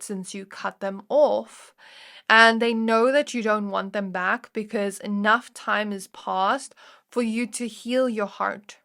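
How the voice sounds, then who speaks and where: Woman, tarot reader, casual, chatty, lots of fillers, talks to the viewer, mid pitch. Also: fairly bright tone. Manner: chatty, filler-heavy, speaks straight to the viewer. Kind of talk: casual pick-a-card tarot reading.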